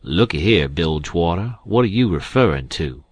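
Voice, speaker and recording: A man's voice: low voice, expressive, moderate pace, slightly rough, no echo. A man voicing an older male swindler who drawls and wheedles. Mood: sly.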